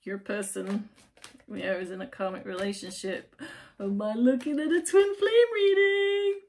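A woman's voice: medium pitch, unhurried, darkish tone, slight background noise. A woman reading tarot cards to camera at home, rambling and chatty, often breaking off mid-sentence. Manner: chatty, rambling, self-interrupting, emphatic. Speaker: tarot reader, channel host. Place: at home, lit by her computer.

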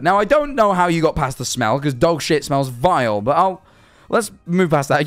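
A young man with an English accent, chatting on a livestream, swearing and bursting into incredulous shouts as he reacts to viewer messages. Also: fairly high pitch, sing-song, brisk. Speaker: streamer.

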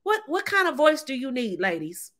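A woman talks to her viewers in a sassy, emphatic way. Her voice sits a little high and rings very bright. She laughs often and calls her audience ladies and honey. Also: big pitch swings, normal speed. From United States. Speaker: relationship advice vlogger. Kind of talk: casual talk to camera.

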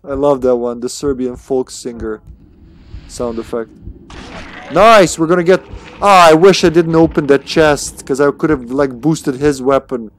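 A man streaming a video game chats casually and playfully in a mid-range voice, speaking a little slowly and often laughing at himself. There's a little hiss or hum in the audio.

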